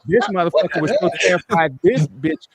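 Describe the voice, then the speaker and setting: A man's voice: high-pitched, expressive, brisk, crowd noise. A man telling a road rage story in a casual stream chat. He swears constantly and acts out the people in his stories.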